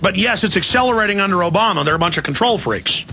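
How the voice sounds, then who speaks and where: A man's voice: high voice, animated, creaky, pushed and bright, soft background music. A man hosting a talk radio show, delivering an emphatic, indignant monologue. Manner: emphatic, rapid-fire, indignant.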